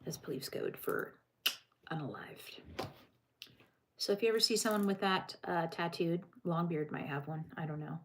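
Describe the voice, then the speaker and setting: A woman's voice: fairly low pitch, moderate pace, a little hiss or hum. Chatty woman reading crime news. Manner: reads news aloud, breaks off to chat with live chat. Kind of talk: casual livestream chat.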